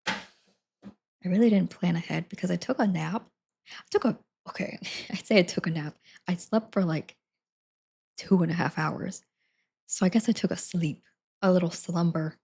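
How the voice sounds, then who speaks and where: A woman's voice: lowish voice, moderate pace, vocal fry, pauses often, a little mellow, breathy edge. A young woman streaming live from her desk at home, chatting to viewers in a rambling way and laughing often. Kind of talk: casual chat to viewers.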